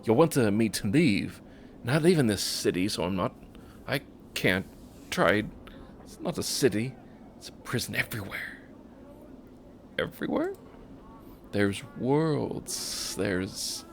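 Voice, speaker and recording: A man's voice: lowish voice, gravelly, a bit bright, a little hiss or hum, full character voice. A man putting on a mad, rambling burned woman. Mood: distraught. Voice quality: thick accent, sing-song rambling. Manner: slow, dreamy and broken. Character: mad, burn-scarred woman lost in visions.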